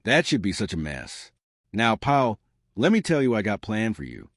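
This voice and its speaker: A short-fused Marine drill sergeant barks and scolds in a low, swooping voice, as a man reading the story puts him on. The sound is close and dry, with no room around it. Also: huge pitch swings, moderate pace, no echo. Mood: strained. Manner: yelling, exasperated, blustering. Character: gruff shouting male drill sergeant.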